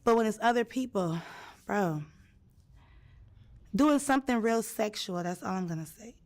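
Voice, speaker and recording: A young woman recounting a night out in a loose, casual way. She is animated, jumping into the voices of the people she quotes and then dropping back to her plain storytelling. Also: mid-range voice, moderate pace. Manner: animated, acts out quotes with sudden loud jumps. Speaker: storyteller in a clip.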